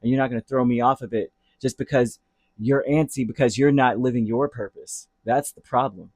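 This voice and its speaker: A man's voice: mid-range voice, steady tone, a little fast, darkish tone, no echo. A man giving a casual tarot reading, talking in a rambling, chatty way that drifts into heated asides. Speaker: tarot reader.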